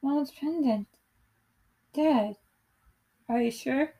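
A woman's voice: high voice, drawn-out words, warm tone, pitched above the performer's own voice, exaggerated voice. A young woman reading the lines of an eager thirteen-year-old ballerina in her own voice.

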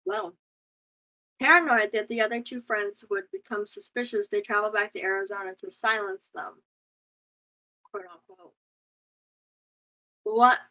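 Bright-voiced young woman reading a case. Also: mid-range voice, normal speed, rough recording. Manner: stumbles over names and words, giggly asides. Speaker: true crime presenter. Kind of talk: casual chat reading a case aloud.

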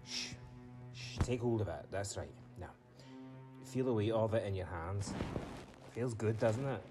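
Male actor as a cruel father: lowish voice, taunting, menacing. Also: unhurried, music in the background, natural voice. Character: cruel bullying father, middle-aged man.

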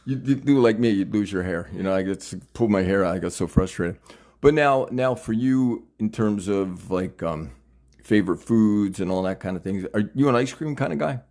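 Talkative man in his sixties, casual interviewer, eager and upbeat, a bit low-pitched. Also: moderate pace, a little mellow. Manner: chatty, enthusiastic, laughs often.

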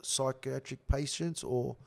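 An Australian man, a guest, tells a jail story in casual, animated fashion, full of slang and heavy swearing. His mid-range voice carries vocal fry, and he takes his time.

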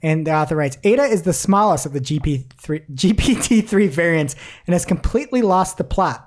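A woman's voice: lowish voice, animated, fairly quick, darkish tone. A woman host in casual chat, reading articles aloud with a wry, giggly manner. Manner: giggly, wry, laughs mid-sentence. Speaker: podcast host.

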